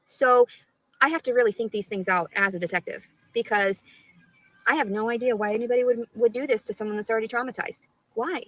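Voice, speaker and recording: A woman's voice: on the high side, a little fast, no room sound, rough recording. A woman talking straight to her live stream audience, rambling and swearing a lot, with an aggrieved tone. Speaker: livestreamer.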